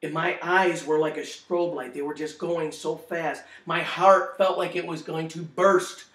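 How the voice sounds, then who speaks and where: Earnest man giving a slow testimony. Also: fairly high pitch, steady tone, fairly bright tone, echoey room, recorded from a distance. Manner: earnest, emotional storytelling. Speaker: testimony speaker. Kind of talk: personal testimony.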